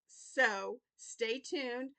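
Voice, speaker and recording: A woman with a light Southern US accent and a bright, fairly high voice rambles through a casual update about her week. She is tired and yawning, filling pauses with ums and apologies as she thinks aloud. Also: creaky. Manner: rambling, chatty, with many fillers and apologies. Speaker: crochet channel host. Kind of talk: casual weekly update vlog.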